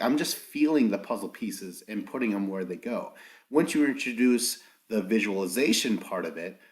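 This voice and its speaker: A man hosts a podcast and recaps a reality show in a loose, rambling way. He rants and swears often. He slips into quick mocking voices when he quotes people, then drops back into his ordinary voice. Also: mid-range voice. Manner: profane ranting, acts out quotes in mocking voices. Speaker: podcast host.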